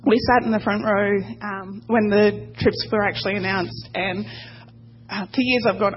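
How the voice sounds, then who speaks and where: A woman sharing a halting, emotional personal testimony with a church congregation. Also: medium pitch, fairly even intonation, muffled recording, a little hiss or hum. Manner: emotional but tenacious, halting.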